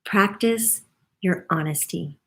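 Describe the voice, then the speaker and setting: A woman's voice: lowish voice, slow pace, a bit bright. Chatty woman relaying a spirit guide's forecast. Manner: chatty, laughs often, relays what the guide says. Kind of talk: casual spoken monthly forecast.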